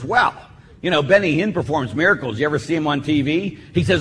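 A man's voice: a little high, brisk, slightly rough. A man, a priest, preaching a homily and telling stories, acting out the voices of the people in them. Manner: lively storytelling, acts out voices of kids. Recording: long echoing hall reverb.

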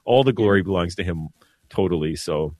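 Low-voiced priest on talk radio, earnest, kinda preachy, dry close sound. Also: male voice, animated, fairly quick, a little mellow, dry recording. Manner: earnest, preacherly, repeats words. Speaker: Catholic priest guest.

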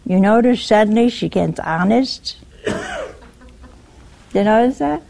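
A woman's voice: mid-range voice, unhurried, creaky, slight background noise. A woman preacher delivering a sermon, talking straight to her listeners and asking them questions. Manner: animated, questioning the listeners directly.

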